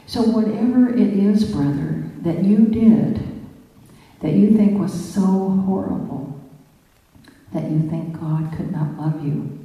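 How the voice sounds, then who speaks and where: A woman's voice: mid-range voice, slow, dark tone. A woman giving a talk, telling a story vividly with acted dialogue. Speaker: speaker. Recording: echoey hall from far off.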